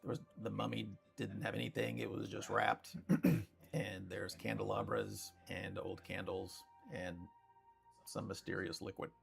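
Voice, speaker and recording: A male game master with a rough, gravelly voice, low-pitched and measured as he narrates a tabletop game. His delivery is relaxed and unhurried, with frequent fillers. Faint music plays underneath.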